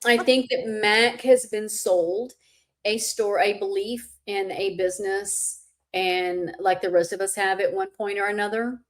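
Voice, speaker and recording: A woman's voice: medium pitch, fairly even intonation, a little slow. A woman hosting a casual livestream chat, speaking candidly and sometimes with rising emphasis, a little stuffy from allergies. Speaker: host.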